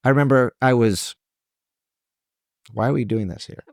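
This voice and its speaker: A trial lawyer appearing as a guest in a podcast interview speaks earnestly and emotionally, his voice rising as he stresses points. It's a medium-pitched, gravelly male voice at a moderate pace, recorded dry with clean studio sound.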